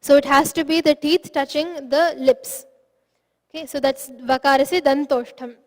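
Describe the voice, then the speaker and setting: High-voiced woman teaching in a reverberant room. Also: fairly even intonation, moderate pace. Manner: patient and explanatory, demonstrates sounds aloud. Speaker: Sanskrit pronunciation teacher. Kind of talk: online lesson. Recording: long reverb.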